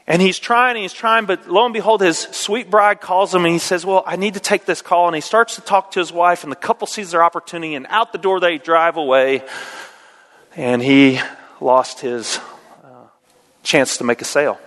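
A male preacher praying and then retelling a story in a folksy, animated way, with frequent fillers, in a church. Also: on the high side, moderate pace. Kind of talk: sermon storytelling. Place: church sanctuary. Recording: echoey hall reverb.

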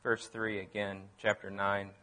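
A man preaching a sermon as pastor, emphatic, repeating phrases and swinging from loud declarations to near-quiet asides. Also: lowish voice, flat delivery, a little slow.

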